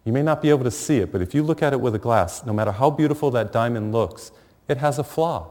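A middle-aged man preaching a sermon, telling a funny family story with lively pauses and warmth of humor. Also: mid-range voice. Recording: long hall reverb.

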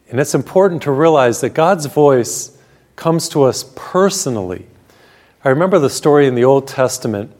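A priest preaching on his television program. His voice sits at a middling pitch for a man, and he tells Bible stories in a warm, storytelling way, slowing down when he reads scripture. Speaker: Catholic priest and TV program host. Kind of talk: televised sermon.

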